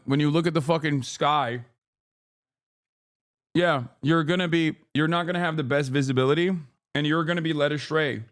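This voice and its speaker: A male livestream host giving combative, sarcastic and profane reaction commentary. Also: a little high.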